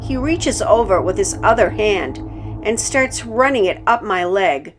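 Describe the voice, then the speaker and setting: A woman narrating a scripted true-life story in a calm, measured reading voice. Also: mid-range voice, faint music behind.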